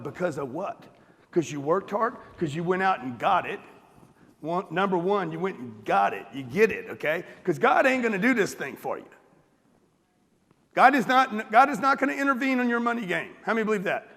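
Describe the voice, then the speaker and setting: A man's voice: high-pitched, expressive, unhurried, gravelly, fairly bright tone. A man from the United States giving a blunt, profane motivational talk to a live audience in a large hall, rousing the crowd with questions. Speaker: motivational speaker. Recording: long reverb of a large hall.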